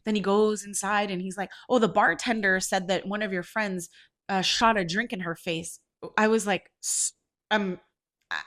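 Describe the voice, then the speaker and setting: Casting: forty-ish woman, stuffy-nosed, chatty storyteller who swears and flares up into indignant shouts, mid-pitched voice. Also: fairly quick. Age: 40s. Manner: animated, swearing, rising to loud outrage. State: congested. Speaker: podcast host. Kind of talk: casual storytelling.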